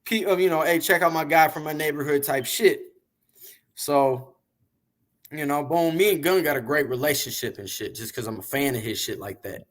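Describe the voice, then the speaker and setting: A man being interviewed, telling long, animated, profane stories about the music business in a casual way. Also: fairly high pitch, normal speed. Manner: animated, profane, rambling storyteller. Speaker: interview guest, music industry figure.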